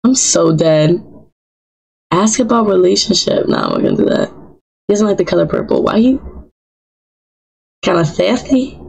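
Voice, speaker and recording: A woman's voice: fairly low pitch, huge pitch swings, moderate pace, gravelly, long pauses, darkish tone, husky, poor audio. A woman streaming a life simulation game, chatting in a playful, teasing way and talking back to the characters in slang. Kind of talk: playful live gameplay commentary.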